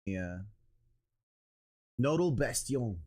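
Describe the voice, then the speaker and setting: A man's voice: medium pitch, expressive, very slow, a little mellow. A man streaming live, chatting casually and joking with his viewers. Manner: playful, calls out to a pet in a sing-song voice.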